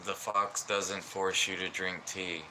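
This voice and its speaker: Homem lento e tranquilo do Alabama, sotaque sulista. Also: male voice, low voice, level tone, noisy background. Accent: Southern US. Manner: slow, rambling, lots of fillers. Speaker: livestreamer. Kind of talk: casual rambling livestream chat.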